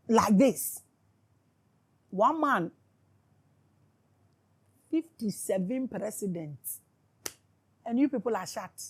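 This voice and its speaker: A woman's voice: mid-range voice, lively intonation, slow pace, long pauses, breathy edge. A woman speaks to her viewers as a spiritual commentator, in a fervent, sarcastic monologue full of repeated questions. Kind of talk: impassioned monologue to camera.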